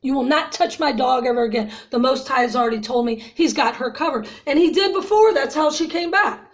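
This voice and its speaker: Upset after a cry, a woman in her fifties rants to her audience with agitation, calling them "y'all" in this personal vlog vent. She has a high voice and talks briskly.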